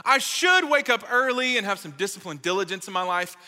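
A man giving a playful, lively sermon to a live audience, joking and talking straight to the crowd. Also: high-pitched, brisk, few pauses. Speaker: speaker at a college ministry gathering. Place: large hall with live audience. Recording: reverberant hall.

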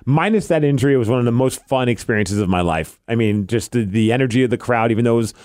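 A man's voice: medium pitch, fast talker. A man co-hosting a podcast, telling a story in casual chat and acting out quotes as he goes. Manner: animated storyteller, acts out quotes. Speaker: podcast co-host.

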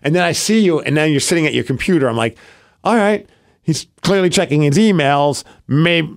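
A man's voice: a little high, a little fast. A man co-hosting a podcast, chatting casually and retelling a story with lots of quoted back-and-forth. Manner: animated storyteller, acts out quoted dialogue. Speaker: podcast co-host. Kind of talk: casual chat.

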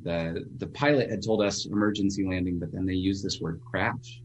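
A man, a pastor, telling a personal story as a radio guest in an earnest, halting way with frequent restarts. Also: sits low, fairly even intonation.

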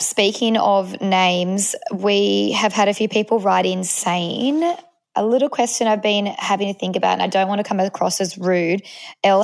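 A woman co-hosting a podcast, gently reading out questions sent in by listeners. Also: medium pitch, creaky. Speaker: podcast co-host. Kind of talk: casual chat.

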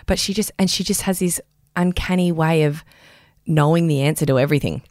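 A woman's voice: low-pitched, dry recording, studio quality. A young woman hosting a podcast, rambling and swearing freely in casual chat. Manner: rambling, swears a lot, talks fast when excited. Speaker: podcast host. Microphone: studio headphones and mic.

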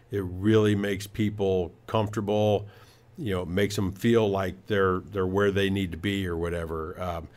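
A man's voice: on the low side, darkish tone. A man hosting a home improvement talk show, giving tips in a casual, rambling way with many fillers and restarts. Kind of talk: casual radio-style talk.

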